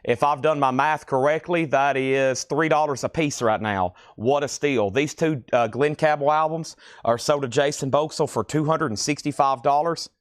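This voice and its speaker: A man's voice: medium pitch, moderate pace, hardly any pauses, no room sound. A man hosting a live record sale in a record store, chatting casually as he rattles off album titles, prices and buyers' names. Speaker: host selling records on a live stream. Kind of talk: casual live sales patter.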